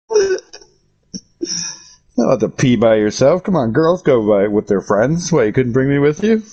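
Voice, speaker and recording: A man talks casually as he works at his painting, joking crudely and cursing without a second thought. His pitch swings widely from low grumbles to high, animated bursts. Soft music plays faintly behind him. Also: takes it slowly, pauses often, slightly rough, highs cut off. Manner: crude, joking, swears freely. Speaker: hobbyist painting miniatures. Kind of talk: casual chat while working.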